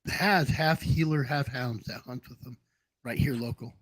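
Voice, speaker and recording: A man's voice: mid-range voice, unhurried, a bit bright, no echo, rough recording. A man hosting a casual livestream chat, telling long rambling anecdotes. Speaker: livestream host.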